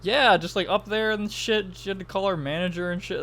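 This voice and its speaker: A man's voice: sits high, fairly quick, fairly bright tone. A young man co-hosting a podcast, chatting casually with crude slang and swearing. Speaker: podcast co-host. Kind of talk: casual chat.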